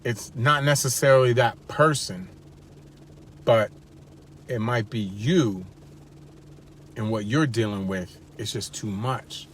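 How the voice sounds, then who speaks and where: A married father talking casually to his viewers in a relaxed, slangy, chatty motivational vlog. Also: medium pitch, slow pace, pauses often, slight background noise. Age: adult with wife and kids. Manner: laid-back, slangy, chatty. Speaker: vlogger. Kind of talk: casual motivational talk to camera.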